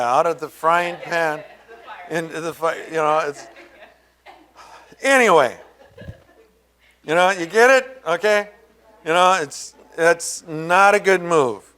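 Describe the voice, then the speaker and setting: A man preaching a sermon as pastor, conversational and rambling, full of fillers and asides, and raising his pitch to act out quoted voices. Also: fairly bright tone, clear, resonant tone.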